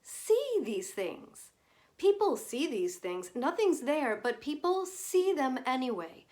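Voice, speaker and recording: A woman's voice: high-pitched, big pitch swings, takes it slowly, a little mellow, pitched above the performer's own voice, exaggerated voice. A woman voicing a glib, cynical male journalist who explains things away in a breezy, lecturing way.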